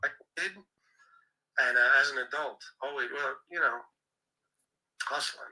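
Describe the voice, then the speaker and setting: A man's voice: medium pitch, measured pace, sharp tone, poor audio. A man in his forties reminiscing on his show, nostalgic and profane, with rambling restarts. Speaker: show host. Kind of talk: casual show chat, played back.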